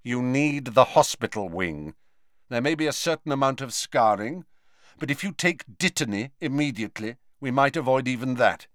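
A man voicing a stern middle-aged male teacher in an audiobook reading, speaking in a low, clipped, coldly furious voice. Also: expressive, moderate pace, a bit bright, no echo, studio quality, close to an everyday voice. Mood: curt.

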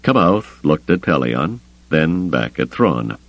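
A male audiobook narrator with a very deep voice that still moves widely in pitch as he tells the story. The recording is close and dry, with no room sound. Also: sing-song, slow, gravelly, no echo, highs cut off. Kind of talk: scripted narration.

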